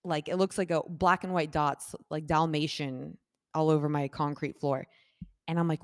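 A woman telling a personal story in a casual chat, animated and acting out the voices of the people in it, with lots of "like" and "I'm like" fillers. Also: normal speed, no echo, clean studio sound. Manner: animated, acts out quoted voices with big shifts in pitch and loudness; talks with many fillers like "like" and "I'm like".

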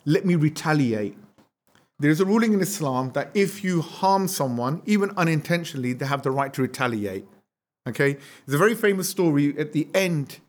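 A man with a somewhat high speaking voice gives a religious history lesson. He tells it as a lively story, acting out what people said. He keeps asking his listeners rhetorical questions. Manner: animated storyteller, acts out quotes; asks the audience rhetorical questions. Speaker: religious teacher.

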